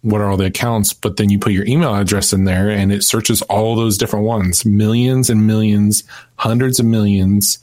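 A man co-hosting a podcast, explaining things in a steady, casual way with many fillers. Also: on the low side, normal speed, dry recording. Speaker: podcast co-host.

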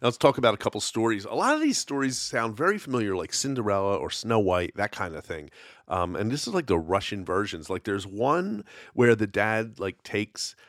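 Rambling man with a low, dry voice. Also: very animated, fairly quick, fairly bright tone, no room sound. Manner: rambling, conversational, many fillers. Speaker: podcast host. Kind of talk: casual solo podcast storytelling.

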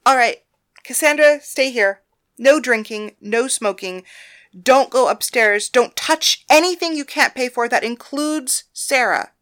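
A woman's voice: a little high, animated, normal speed, sharp tone. A woman voicing a tense, brusque young brothel worker who talks in short commands in a storybook reading. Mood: bossy.

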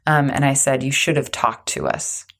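A woman's voice: rumbling low, very animated, normal speed, gravelly, fairly bright tone. A middle-aged woman telling a personal work story to listeners, conversational and emphatic, mocking her own mistakes. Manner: conversational, emphatic, self-deprecating. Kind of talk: personal story told to an audience.

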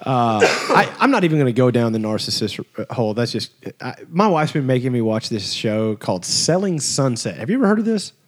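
A man's voice: medium pitch, fairly quick, few pauses. A young man co-hosting a podcast in casual chat, talking animatedly and acting out the people he quotes. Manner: animated, acts out quoted voices. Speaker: podcast co-host.

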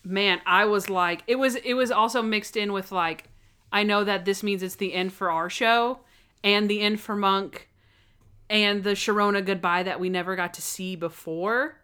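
Smooth-voiced woman gushing over a TV episode. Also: mid-range voice, steady tone, pushed and bright. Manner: gushing, quick to act out dialogue in character voices. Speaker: podcast co-host. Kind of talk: casual chat reviewing a TV episode.

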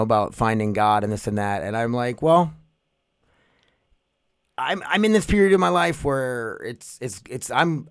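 A man's voice: on the low side, clear, resonant tone, no echo, studio quality. A man hosting his own podcast, rambling in a goofy, profane, casual way. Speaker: podcast host.

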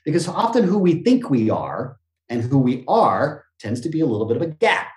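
Middle-aged male guest, animated pitch, roomy echoey recording, motivational energy. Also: normal speed. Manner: energetic, expansive, motivational speaker's delivery. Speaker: interview guest. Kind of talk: animated conversational interview. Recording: roomy echo.

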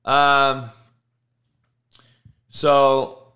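A man's voice: mid-range voice, monotone, drawn-out words, sharp tone. Profane, offhand male sports show host. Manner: profane, offhand, reads news aloud. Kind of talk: casual sports talk.

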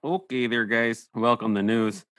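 A man's voice: medium pitch, steady tone, fairly bright tone, no room sound. A man co-hosting a podcast, joking sarcastically and reading out news. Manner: sarcastic, quick jokes, acts out quotes. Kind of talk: casual podcast banter.

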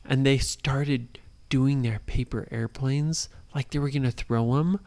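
A woman improvising a bedtime story for a child, lively and singsong, often pausing to ask the child questions. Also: extremely low pitch. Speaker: parent telling a bedtime story.

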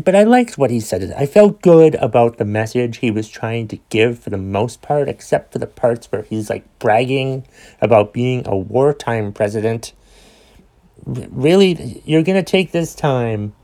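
A man's voice: mid-range voice, darkish tone. A man hosting his own podcast, ranting in a profane, exasperated way and rambling with frequent restarts. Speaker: podcast host. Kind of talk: solo podcast rant.

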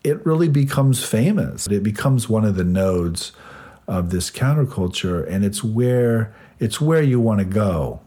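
A man's voice: lowish voice, expressive, measured pace, dark tone, slightly rough. A man answering in an interview, explaining at length in a thoughtful, storytelling way. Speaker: interview guest.

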